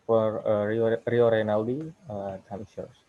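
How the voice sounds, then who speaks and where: Young male student presenter, slow and halting, slightly low voice, muffled lo-fi recording. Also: flat delivery, a little hiss or hum. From Indonesia. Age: young adult. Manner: halting, walks through slide examples. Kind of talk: class presentation on phonetics.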